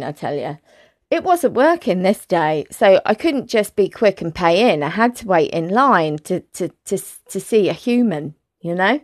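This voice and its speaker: An Englishwoman vlogger telling a story in a chatty, animated way, talking straight to her viewers. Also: mid-range voice, no echo, studio quality.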